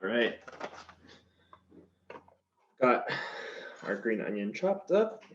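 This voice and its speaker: A man cooking in a kitchen, walking viewers through each cut in a relaxed, chatty tone. His voice sits at an ordinary middle pitch. The recording sounds a little dull, with a faint hiss behind it. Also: drawn-out words. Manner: easygoing, chatty, explains steps as he works. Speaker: chef. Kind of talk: cooking demonstration.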